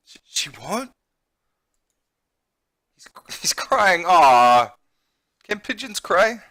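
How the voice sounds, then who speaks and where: Slow-talking amused man playing a game. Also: high-pitched, big pitch swings, pushed and bright, no echo. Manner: amused, laughs often, explains words. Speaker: English conversation teacher playing a game. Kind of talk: game let's-play commentary.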